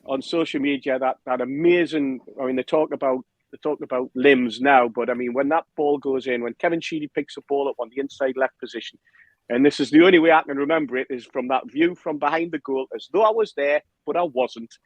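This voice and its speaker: A man telling a lively anecdote on a podcast, acting out the other people's lines. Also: medium pitch, brisk, no room sound, rough recording. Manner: animated storyteller, acts out quotes, laughs often. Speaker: podcast guest telling a story. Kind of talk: casual anecdote.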